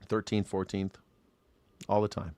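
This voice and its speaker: A man's voice: sits low, completely flat delivery, a little slow, mellow, dry recording. A man hosting a call-in livestream, talking back to chat in a blunt, sarcastic, casual way. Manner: drops into a mock-tough swagger when teased. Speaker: streamer hosting a call-in show.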